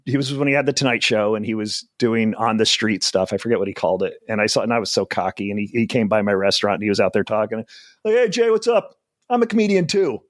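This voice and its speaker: A man's voice: fairly low pitch, steady tone, quick pace, hardly any pauses, no room sound, clean studio sound. A man in his forties from New Jersey, a comedian chatting as an interview guest in a rambling, self-deprecating way and laughing often. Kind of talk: casual interview chat.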